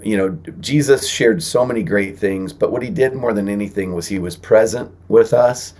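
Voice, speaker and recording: A man with a fairly low voice speaks as a podcast guest. He tells stories in a lively, building way, and he slows to an earnest tone when he gives advice. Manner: animated storyteller, earnest when encouraging. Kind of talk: storytelling interview guest.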